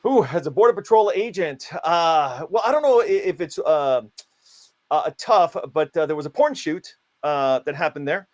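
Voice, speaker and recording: Deadpan mock-stern man, fairly high voice. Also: moderate pace. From United States. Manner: mock-stern, playfully absurd. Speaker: guest, self-declared country founder. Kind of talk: deadpan comedic interview answers.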